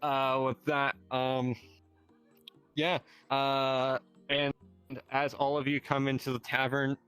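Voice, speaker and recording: A man narrating as game master, halting with many fillers and laughs. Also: medium pitch, level tone, a bit bright, smooth, soft background music. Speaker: dungeon master.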